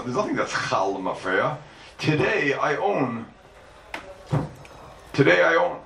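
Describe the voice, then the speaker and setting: A man's voice: mid-range voice, vocal fry, a bit bright. A man teaching Talmud to a congregation as a rabbi, emphatic, asking and answering his own questions and repeating key points. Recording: echoey room mic from far off, faint background noise.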